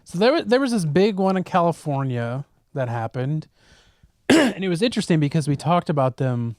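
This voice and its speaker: A man's voice: on the high side, big pitch swings, moderate pace, no echo, studio quality. A man co-hosting a casual podcast, joking and recapping stories with crude humor. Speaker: podcast co-host.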